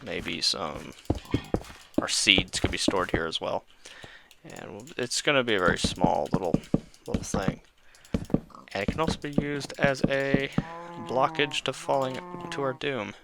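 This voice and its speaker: A man's voice: medium pitch, unhurried, creaky, heavy background noise. A man casually commenting while playing a building game, rambling, correcting himself and talking to his viewers. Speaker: gaming channel host.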